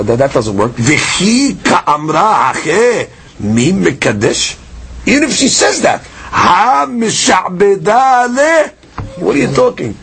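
A man giving a Talmud study lecture, explaining with questions and answers and shifting his pitch and pace for emphasis. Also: gravelly, a little hiss or hum. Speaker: Talmud teacher.

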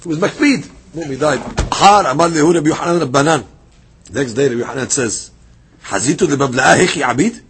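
A man teaching a daily Talmud class, reading passages aloud and retelling them as a lively story. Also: on the high side, fast talker, a little hiss or hum. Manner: lively storytelling, reads Aramaic then explains in English.

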